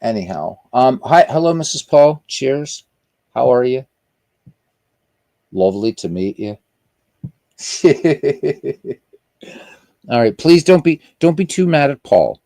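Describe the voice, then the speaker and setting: A man's voice: mid-range voice, animated, normal speed, warm tone, dry recording. A man hosting a live stream in casual chat, rambling and chatty as he greets viewers by name.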